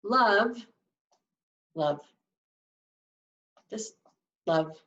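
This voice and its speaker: Slow-talking woman teaching sign language. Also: medium pitch, expressive, a bit bright. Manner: demonstrative, acts out emotions with her voice. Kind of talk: live class instruction. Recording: distant mic, dull lo-fi sound.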